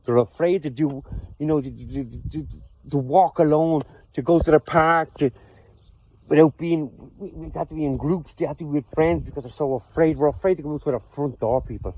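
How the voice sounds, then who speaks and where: Halting Irish man on a tinny phone recording. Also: on the high side, dry recording. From Ireland. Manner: halting, repeats and restarts his words. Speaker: vlogger. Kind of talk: off-the-cuff personal monologue. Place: outdoors.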